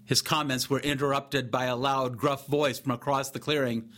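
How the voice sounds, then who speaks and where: A man reading a story aloud for a podcast in a measured, even storytelling manner. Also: medium pitch. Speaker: podcast narrator. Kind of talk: scripted story narration.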